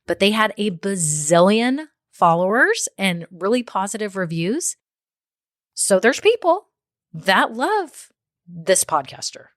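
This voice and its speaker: A woman's voice: lowish voice, expressive, moderate pace, fairly bright tone, dry recording. Chatty woman podcast host, dry sound. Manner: chatty, keeps checking in with "okay?" and "right?". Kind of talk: solo business advice talk.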